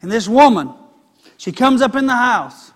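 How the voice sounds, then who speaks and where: A man's voice: extremely high pitch, sing-song, normal speed. A man preaching a sermon in a folksy, conversational way.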